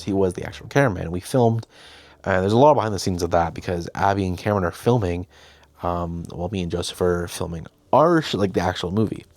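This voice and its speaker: Low-voiced young man telling a story. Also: darkish tone. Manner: chatty, self-deprecating, quotes himself and others. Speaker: host. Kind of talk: casual storytelling.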